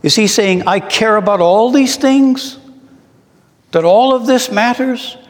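A middle-aged man preaching a sermon, slow and reflective, asking his listeners questions. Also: high voice. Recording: long reverb in a large hall.

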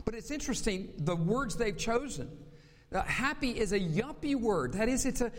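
A man with a faint Southern accent preaches a sermon in a high voice. He slows down and draws out key words for emphasis. A long hall reverb trails behind him. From North Carolina. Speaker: pastor.

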